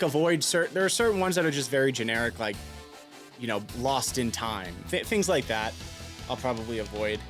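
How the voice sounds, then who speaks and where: A man live-streaming from his piano, chatting casually, reading viewers' messages aloud and humming to himself as he mulls them over. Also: medium pitch. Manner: musing aloud, reading chat, humming, laughing. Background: soft background music.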